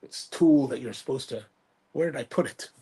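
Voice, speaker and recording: A man's voice: medium pitch, normal speed, dark tone, slightly rough. A man hosting a live stream, rambling casually and self-deprecatingly while reading viewer comments aloud. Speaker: livestream host.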